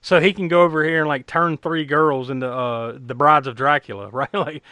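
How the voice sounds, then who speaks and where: A man's voice: fairly high pitch, steady tone, normal speed, bright, forceful tone, dry recording. Rambling, laughing man recapping a movie. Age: adult who was eight or nine when the film was new. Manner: rambling, laughs often, many fillers. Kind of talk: casual movie recap chat.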